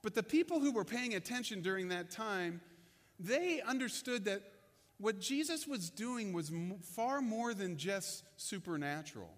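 High-voiced preacher in a reverberant hall. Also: male voice, expressive. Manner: conversational storytelling, with dramatic pauses. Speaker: pastor. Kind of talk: sermon.

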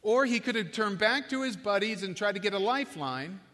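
A man preaching a sermon with passion, building in loudness and then dropping to a hush. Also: high-pitched, lively intonation, brisk. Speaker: pastor. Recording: long echo of a large hall.

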